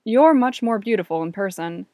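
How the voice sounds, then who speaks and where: A woman's voice: medium pitch, expressive, moderate pace, dark tone, no room sound, lightly acted. A woman voicing a charming, slightly nervous young man in a read-aloud story, playful and coaxing.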